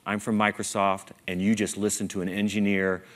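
Lively man giving a keynote. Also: lowish voice, brisk. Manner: lively, self-mocking, asks the audience many questions. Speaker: keynote speaker. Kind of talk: conference keynote talk.

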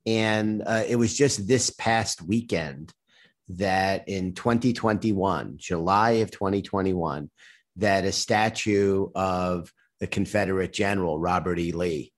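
A male interviewer with a very deep voice. He speaks slowly and haltingly, searching for words as he frames a question. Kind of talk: conversational interview.

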